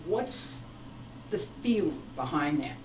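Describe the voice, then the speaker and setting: Woman, martial arts teacher, lively pitch, slow and unhurried, echoey room, distant mic. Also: slight background noise. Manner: unhurried, breaks off mid-demonstration. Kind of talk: demonstrating and teaching a form.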